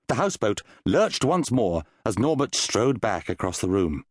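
A man narrating a children's fantasy audiobook in a lively, playful manner. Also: fairly low pitch, moderate pace, hardly any pauses.

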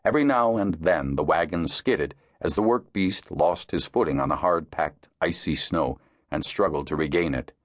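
A man narrating an audiobook in a measured storytelling manner. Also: very deep voice, dry recording, studio quality. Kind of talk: scripted narration.

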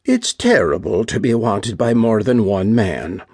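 A man's voice: on the low side, animated, unhurried, darkish tone, breathy edge, dry recording, studio quality, full character voice. A man voicing a handsome, easygoing Irish father with an Irish accent in an audiobook. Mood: teasing. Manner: teasing, easygoing.

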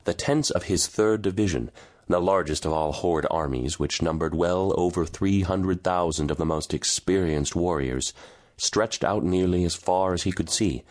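Deep-voiced man narrating a dark fantasy. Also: moderate pace. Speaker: audiobook narrator. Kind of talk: scripted narration.

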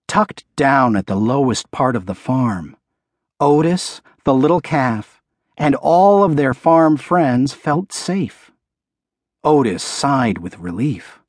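A man reads a children's picture book aloud in a slightly husky voice, taking his time over every line. His delivery is lively and wide-ranging in pitch, and he drops low and quiet for the tense moments. The sound is close and dry, with no room around it. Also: no room sound. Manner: expressive storytelling, dropping low for the bull's menace. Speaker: audiobook narrator. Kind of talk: children's storybook narration.

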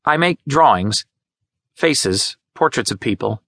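A man's voice: mid-range voice, expressive, slow, fairly bright tone, no echo, clean studio sound, heavily acted. A man reading as a shy young widowed artist. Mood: evasive.

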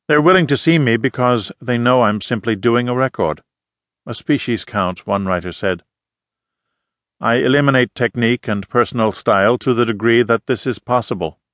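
A man's voice: mid-range voice, a bit bright, dry recording, close to an everyday voice. A man voicing an intense middle-aged woman photographer with a slight foreign accent and formal, emphatic phrasing, read in an audiobook. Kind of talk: audiobook character reading.

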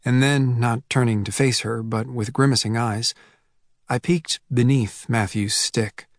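A man reading a first-person novel as an audiobook narrator, measured and reflective, lifting his voice for quoted lines. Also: medium pitch, fairly even intonation, dry recording, studio quality. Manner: measured, reflective storytelling with raised voice for quoted dialogue. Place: dry recording booth. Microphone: close studio mic.

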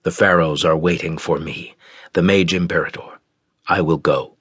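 Guy doing grave deep emperor, slow and solemn. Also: fairly even intonation, fairly bright tone, breathy edge, dry recording, clean studio sound. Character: grave male emperor, resolved.

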